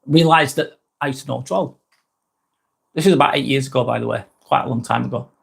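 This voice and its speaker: A man's voice: medium pitch, fast talker, vocal fry, slightly rough. A man with a Lancashire accent and a slightly sore throat, chatting casually on a live stream, rambling and repeating himself as he reads out comments. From England.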